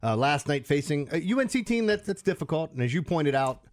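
A man's voice: on the high side, big pitch swings, a little fast. A man co-hosting a sports radio show, rambling and laughing in casual banter.

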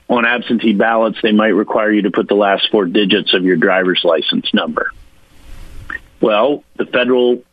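A man's voice: fairly low pitch, no room sound. Man guest, emphatic explainer, dull dry radio sound. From Virginia. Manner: emphatic, mocking quoted voices, spells points out slowly. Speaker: political guest. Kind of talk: radio interview, argumentative explaining.

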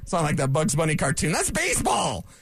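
A sports radio man holds forth in a fairly high voice, animated and sarcastic, tossing off asides as he argues. The sound is dry and close to the mic. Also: a little fast, husky, dry recording. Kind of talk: opinionated sports talk monologue.

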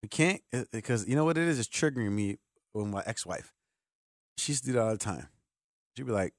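A man hosting a sports talk radio show, animated and joking, often jumping in over the others. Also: on the low side, fairly quick, pauses often, no echo, clean studio sound.

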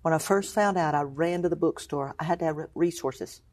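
A middle-aged woman with a fairly low voice shares a personal story as an interview guest. She acts out what others said, drops to a hush in the heavy moments and rises sharply when she gets excited. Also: a little fast. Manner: storytelling, acts out quoted voices, swings from hushed to exclaiming. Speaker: guest, cancer survivor. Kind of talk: emotional personal testimony.

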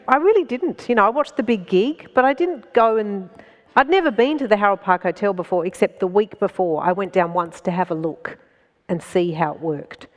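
An Australian woman tells a story in a lively, animated way, often laughing between phrases. Her pitch sits in a middle range, and the recording has a long echo. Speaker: stand-up comedian as guest. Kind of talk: anecdotal storytelling in conversation.

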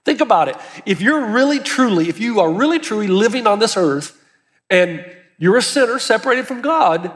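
High-voiced earnest male preacher. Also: lively intonation, normal speed, a bit bright. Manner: earnest, emphatic preaching with rising pitch on key words. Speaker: pastor. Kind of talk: sermon. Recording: long hall reverb.

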